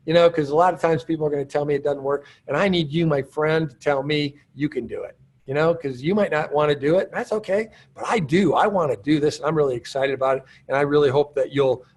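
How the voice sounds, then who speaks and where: A man leads a motivational training session in a loose, conversational way. His voice sits a little high for a man, and he keeps cheering his listeners on. He pokes fun at himself to put them at ease. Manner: encouraging, chatty, self-deprecating. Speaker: business trainer.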